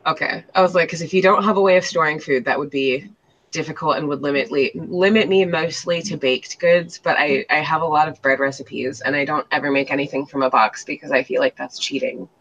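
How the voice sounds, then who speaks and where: A woman's voice: deep voice, steady tone, a little fast, fairly bright tone. Chatty woman with dull lo-fi sound. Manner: chatty storyteller, lots of fillers and acted-out quotes. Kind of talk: casual chat.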